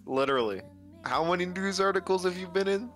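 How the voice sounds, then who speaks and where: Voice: medium pitch, a little fast, faint music behind. A young adult streamer chatting casually and teasing friends, full of "like", over a stream microphone. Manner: teasing, joking, fillers of "like". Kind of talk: casual chat.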